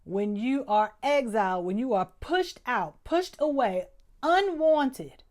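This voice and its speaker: A woman's voice: fairly high pitch, animated, slow pace, darkish tone. Black woman doing a tarot reading, emphatic, keeps repeating herself to the viewers. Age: adult with doctoral degree. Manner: emphatic, repeats phrases, talks straight to viewers. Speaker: tarot reader.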